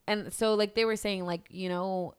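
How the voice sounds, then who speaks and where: This young woman co-hosts a podcast, talking in an even, medium-pitched voice at normal speed, with a clean and slightly mellow tone. The chat is casual; she laughs easily, swears offhandedly, and slips Spanish into her English.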